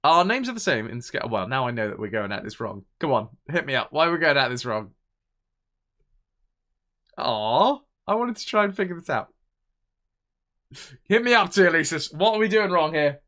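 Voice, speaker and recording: Lively, bright-voiced streamer. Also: male voice, fairly high pitch, normal speed, pauses often. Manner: chatty, thinks aloud and reads out viewer messages. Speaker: game streamer. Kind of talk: casual live-stream chat.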